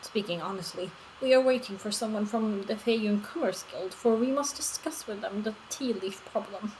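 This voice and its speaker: A woman's voice: mid-range voice, normal speed, darkish tone, slight background noise, natural voice, low-quality recording. Woman reading as a proud village tea merchant. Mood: earnest. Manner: formal, old-fashioned storybook phrasing.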